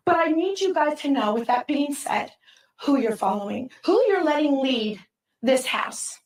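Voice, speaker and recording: Speaking at a measured pace in a voice that sits high, a middle-aged reality show contestant addresses her housemates emotionally. She rambles, gets heated, and apologizes, all picked up from a distance with a roomy sound.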